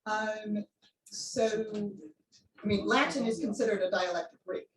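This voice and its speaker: A woman's voice: mid-range voice, a little slow, slight background noise. Woman lecturing in an echoey room. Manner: explanatory, thinks aloud with many ums, answers questions. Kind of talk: academic seminar lecture. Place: seminar room. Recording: echoey room, voice a bit distant.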